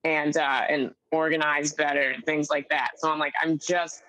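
Chatty young woman, low voice. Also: steady tone, moderate pace, a bit bright, dry recording, rough recording. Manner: rambling, fills talk with "like", acts out quotes. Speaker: guest comedian. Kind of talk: casual chat. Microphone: video call.

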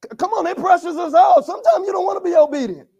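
Male pastor, high voice, energetic call-and-response sermon delivery. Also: fast, dull audio. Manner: call-and-response preaching, rising to shouts.

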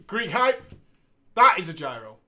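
A man's voice: sits high, unhurried. A man co-hosting a casual podcast, reading a gaming story aloud with playful banter and frequent laughter. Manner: laughs often, playful, expressive.

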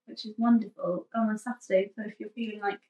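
A woman guest on a podcast, chatting in a relaxed, agreeable way with frequent short replies. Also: mid-range voice, quick pace, reverberant, recorded from a distance, muffled recording. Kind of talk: casual conversational podcast chat.

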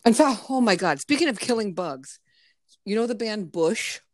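A woman's voice: mid-range voice, expressive, moderate pace, no echo, studio quality. A middle-aged American woman chatting casually on a podcast, telling stories with frequent laughs and offhand swearing. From United States. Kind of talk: casual chat, telling anecdotes.

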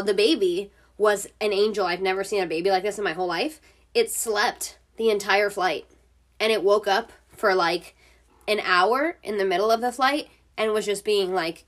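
A woman's voice: mid-range voice, a bit bright. A woman talks through her own podcast at home in a loose, chatty manner. She swears often and pads her sentences with filler words. Her voice sits in an ordinary middle range. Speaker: podcast host. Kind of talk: casual solo podcast storytelling.

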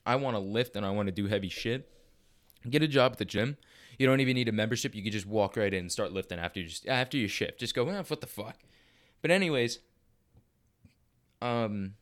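A young man from Arizona telling a rambling, profane story in casual podcast talk, acting out the people he quotes. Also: medium pitch. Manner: profane, rambling, animated quoting of others.

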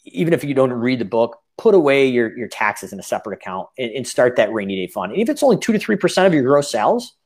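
A man's voice: medium pitch, sing-song, fast talker, hardly any pauses. A man who owns businesses, giving a long, rambling interview answer full of fillers and restarts. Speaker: business owner guest.

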